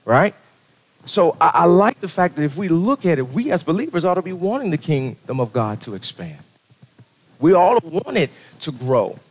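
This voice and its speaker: A man preaching a sermon as pastor, talking conversationally, often asking "right?" and restarting his sentences. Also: mid-range voice.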